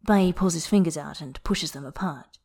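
A woman narrating an erotic story in a soft, intimate way, sometimes dropping to a whisper. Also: low-pitched, normal speed. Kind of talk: erotic fiction reading.

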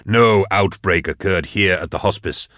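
A man's voice: sits low, unhurried, fairly bright tone, no echo, clean studio sound. A man voicing a scarred old male investigator who speaks tersely and firmly, in an audiobook reading. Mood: defiant. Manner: terse, questioning, firm.

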